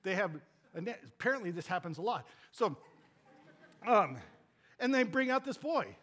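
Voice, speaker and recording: High-voiced joking male pastor. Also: normal speed. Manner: animated, joking, rambling with restarts. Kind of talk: sermon with personal storytelling.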